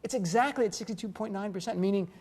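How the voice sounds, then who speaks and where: A middle-aged man from North Jersey, co-hosting a political discussion, talking fast and animated with jokes. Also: sits high, slightly rough. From North Jersey, USA. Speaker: co-host.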